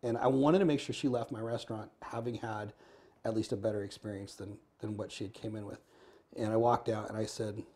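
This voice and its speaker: Fast-talking earnest American man. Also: on the low side, steady tone, warm tone. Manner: earnest, fast storyteller acting out dialogue. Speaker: podcast guest. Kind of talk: storytelling in an interview.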